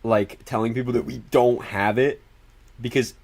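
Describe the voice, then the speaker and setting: A young adult man chatting casually to his livestream audience, animated and rambling, swearing a lot. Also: medium pitch, normal speed.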